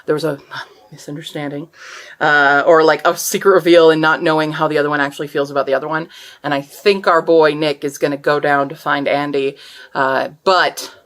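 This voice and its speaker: A woman's voice: sits low, level tone, brisk, fairly bright tone. Rambling, chatty woman vlogger. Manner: rambling, chatty, often trails off and restarts. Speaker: book and craft vlogger. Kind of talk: casual vlog chat.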